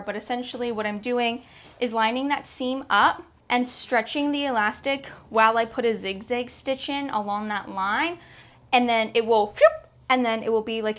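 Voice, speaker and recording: A woman's voice: fairly high pitch, fairly bright tone. A young Canadian woman chatting casually to her viewers while she sews at home, talking herself through each step. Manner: chatty, self-talking while working, quick exclamations. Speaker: sewing vlogger. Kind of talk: casual sew-along chat.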